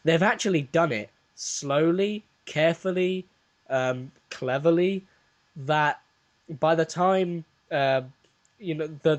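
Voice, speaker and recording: A man with an Australian accent hosting a casual podcast, chatty and laughing easily. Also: fairly high pitch. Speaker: podcast host. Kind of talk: casual chat.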